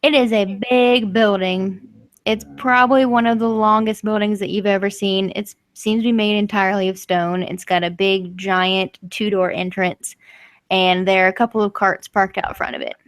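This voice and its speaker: A woman running a tabletop game as game master, narrating slowly and describing the scene. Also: medium pitch, steady tone, dry recording.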